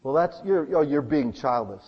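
A man preaching a sermon as pastor, talking conversationally and swinging between loud emphasis and hushed asides. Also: mid-range voice, expressive, moderate pace, big-room sound, highs cut off.

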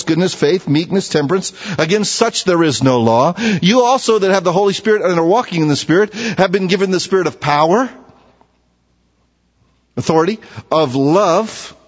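A man preaching a sermon in a husky, fairly high voice. He talks to his congregation with rhetorical questions and restarts. The sound is dull and carries a long hall reverb. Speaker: pastor. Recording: dull, echoey church hall recording.

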